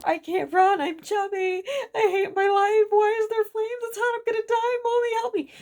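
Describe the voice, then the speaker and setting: A woman's voice: very high voice, fairly even intonation, normal speed, darkish tone, voice pushed up. A woman voicing a panicked four-year-old boy trapped in a fire, sobbing and frantic.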